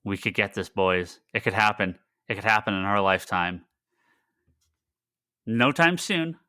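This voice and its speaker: Podcast co-host, male, low and forceful, rambles excitedly, dry close sound. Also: a little slow, clean tone, dry recording. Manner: rambling, restarts sentences, excitable. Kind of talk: casual chat.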